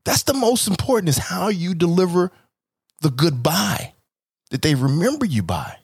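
Husky, animated male podcast host. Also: sits high, moderate pace, no room sound, studio quality. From Kansas City, Missouri. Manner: animated, acts out voices, swears freely. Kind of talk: comic storytelling.

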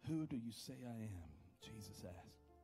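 A man preaching a sermon, building to loud impassioned peaks and dropping to low, quiet questions. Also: expressive, unhurried, faint music behind. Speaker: pastor.

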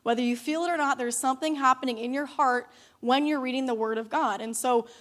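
Young woman, youth leader, high bright voice, chatty storytelling sermon full of "like"s. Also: fairly quick. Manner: chatty, animated storytelling with many "like"s.

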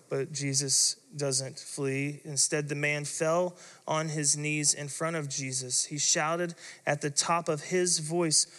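A man's voice: a little high, little pitch movement, measured pace, fairly bright tone, big-room sound. A man preaching a sermon as pastor, telling the story in a dramatic, vivid way.

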